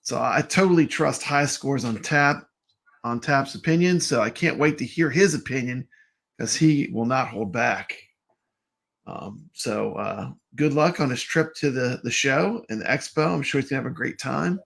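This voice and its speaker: A man's voice: medium pitch, moderate pace, creaky, a bit bright. A man co-hosting a live stream, chatting casually and greeting viewers by name in an upbeat way. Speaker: co-host of a live stream show.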